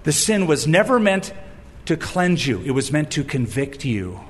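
A man preaching a sermon, animated and storytelling, who acts out the voices he quotes and breaks in with wry asides. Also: on the high side, unhurried, pauses often, in a large hall. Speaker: pastor.

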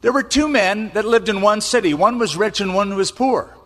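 An earnest prophet spins a sad parable, stretching out key words with care, as a preacher acts him out. His voice sits raised and bright above the room. A long hall reverb trails every phrase. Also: sits high, moderate pace, voice pushed up. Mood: pleading. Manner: storytelling, emphatic and drawn out.

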